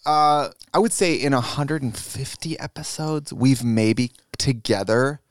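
A man co-hosting a comedy podcast in casual chat, with dry, bawdy deadpan humor. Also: medium pitch, unhurried, no echo. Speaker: podcast co-host.

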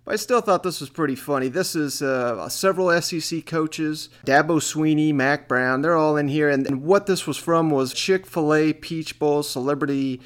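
A man's voice: a little high, normal speed, few pauses. A man hosting a sports podcast, chatting casually and joking with his cousin. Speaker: podcast host.

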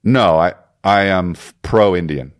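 A man's voice: low voice, takes it slowly, no room sound, clean studio sound. A man co-hosting a comedy podcast, rambling and joking in casual chat with lots of restarts. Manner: rambling, stumbling, jokey. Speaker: podcast co-host.

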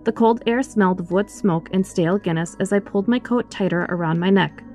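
A woman's voice: mid-range voice, fairly quick, soft background music. Woman narrating a horror story. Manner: expressive first-person storytelling.

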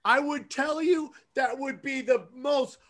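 A man's voice: extremely high pitch, takes it slowly, crowd noise. A middle-aged man hosting a casual podcast, telling stories animatedly and swearing freely. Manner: animated storyteller, swears freely, acts out quotes. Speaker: host, comedian.

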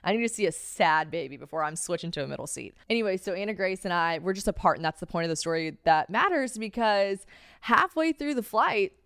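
A woman's voice: on the low side, fairly bright tone, smooth, no echo, studio quality. A young woman hosting a solo podcast, telling a story in a chatty, profane way with lots of filler words and dramatic quoted voices. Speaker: podcast host.

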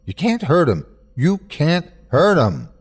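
A man's voice: a little high, wildly swooping pitch, slow, husky, voice pushed up, exaggerated voice. A man voicing an unhinged old man who snaps. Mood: pleading. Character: deranged older man keeping a killer creature.

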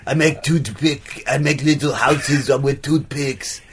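A man voicing a ridiculous male toothpick-house artist who talks in a put-on accent somewhere between Austrian and French, deadpan and improvised. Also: mid-range voice, slow pace, slight background noise. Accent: fake Austrian-French affected accent. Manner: deadpan improv, odd phrasing. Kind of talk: improvised comedy podcast character.

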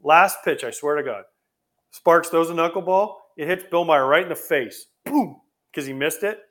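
A man, a former ballplayer co-hosting a podcast, telling a story in an animated, excitable way. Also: on the high side, normal speed. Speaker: former pro baseball player, co-host.

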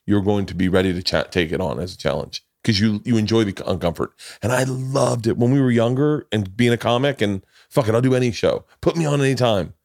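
Profane rambling podcast host, low voice. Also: male voice, darkish tone, no room sound, studio quality. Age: middle-aged. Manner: rambling, profane storyteller who laughs a lot. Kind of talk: casual podcast chat.

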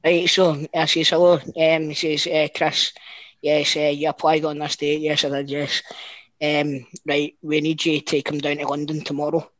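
A man's voice: a little high, moderate pace, no echo, low-quality recording. Sweary Scottish man telling a story. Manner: animated, sweary, restarts often. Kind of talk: casual storytelling chat.

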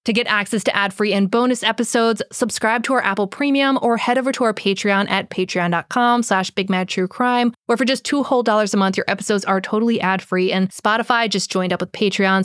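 A woman's voice: medium pitch, quick pace, few pauses, a bit bright, no room sound, clean studio sound. Blunt, profane woman podcast host, voice going. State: losing her voice. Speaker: true crime podcast host. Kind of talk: podcast narration and unscripted outro rant.

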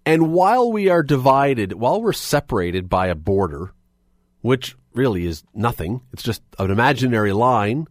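A man's voice: medium pitch, no echo. A Canadian man hosting a radio talk show, chatty and opinionated, full of rambling asides into a studio microphone.

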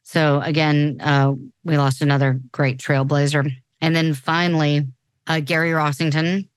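A woman's voice: low voice, little pitch movement, measured pace, smooth, no room sound. A woman in her forties co-hosting a podcast in casual chat, talking loosely with many restarts. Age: 40s. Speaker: podcast co-host.

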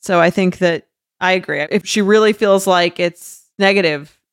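A woman co-hosting a casual talk show, easygoing and quick to agree. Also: fairly low pitch, smooth, no room sound, studio quality. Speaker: podcast co-host. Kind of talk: casual chat.

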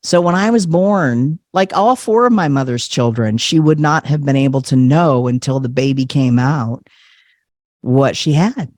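A man telling a personal story as a podcast guest, animated, laughing often and acting out the voices of people he quotes. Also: mid-range voice, a little slow, no room sound, clean studio sound. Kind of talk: conversational storytelling.

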